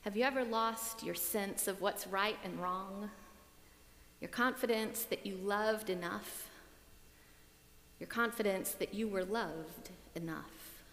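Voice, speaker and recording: A woman's voice: mid-range voice, slow pace, a bit bright. A woman, apparently a pastor, preaching a sermon in a reflective way, returning again and again to a repeated refrain. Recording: echoey hall with long reverb.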